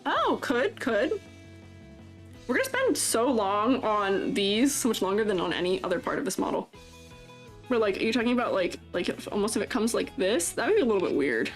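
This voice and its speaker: This streamer reviews avatar designs as she draws, talking at a brisk clip in a mid-range voice with big swings in pitch. Her chat is casual and full of laughter, and she teases viewers playfully while reading their comments out loud over faint background music.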